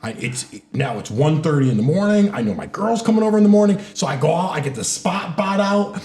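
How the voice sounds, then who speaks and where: Animated man, a bit higher voice, crude anecdotes, roomy echo. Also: fast talker. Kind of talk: casual storytelling. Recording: echoey room.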